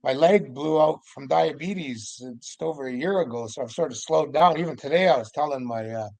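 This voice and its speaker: An older man from Vancouver Island, Canada, a podcast guest telling his stories in a lively way and acting out the dialogue. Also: fairly high pitch, a little fast, vocal fry, no echo. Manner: lively storyteller who acts out the dialogue. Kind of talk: casual storytelling.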